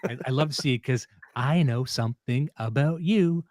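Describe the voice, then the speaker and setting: A man hosting a podcast in casual chat, crude and profane, excitable, jumping between topics. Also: medium pitch, moderate pace, no room sound, studio quality. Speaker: podcast host.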